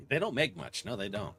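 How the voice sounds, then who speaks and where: Casting: lively, bright-voiced guy streaming a game, jokey and profane, soft game music behind. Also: on the low side, husky. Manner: jokey, swears often, laughs a lot. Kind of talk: casual live-stream commentary.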